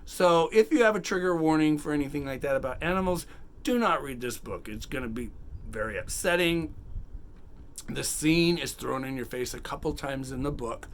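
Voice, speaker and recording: A man hosting a casual, unedited book review, chatty and animated, acting out bits of the story in quick quotes. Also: on the high side, a little hiss or hum. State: has the hiccups. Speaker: book review channel host.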